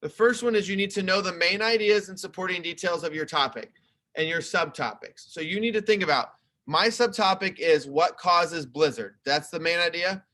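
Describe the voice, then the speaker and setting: Young male teacher, bright and slightly high voice, clear explaining tone for an online class, webcam mic. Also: moderate pace. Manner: explaining, conversational, talks through slides. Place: home video call. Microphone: computer webcam mic.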